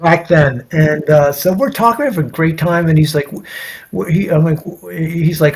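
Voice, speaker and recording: A man from the United States tells a story as an interview guest, his voice a little high and husky. He rambles, restarts and acts out both sides of a conversation. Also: normal speed, poor audio. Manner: rambling anecdote with many restarts and quoted dialogue. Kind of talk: casual storytelling.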